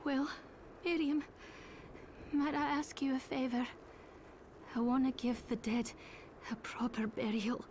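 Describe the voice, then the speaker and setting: A woman's voice: high-pitched, a little slow, a little mellow, slight background noise. An actress voicing an earnest, polite young woman villager in a video game who has lost her people.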